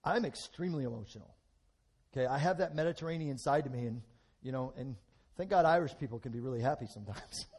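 A middle-aged man preaching a lively sermon, swinging between loud and hushed, acting out bits of dialogue. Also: mid-range voice, quick pace, slightly rough.

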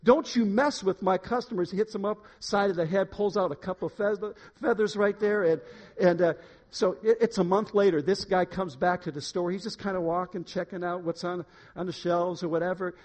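A man preaching a sermon in a church room, emphatic, swinging between quiet and loud. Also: sits high, fairly even intonation, fairly quick. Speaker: pastor.

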